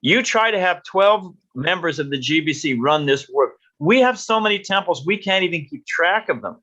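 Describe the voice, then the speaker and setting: A man's voice: a little high, lively intonation, moderate pace, pushed and bright, muffled recording. A man giving a lecture on leadership, telling stories and acting out quotes.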